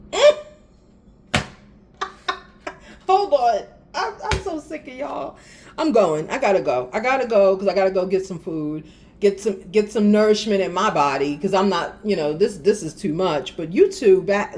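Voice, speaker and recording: A woman's voice: on the low side, lively intonation, normal speed, darkish tone, slight background noise. A woman doing a casual spiritual card reading, talking straight to viewers with laughs and exasperated asides. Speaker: tarot reader.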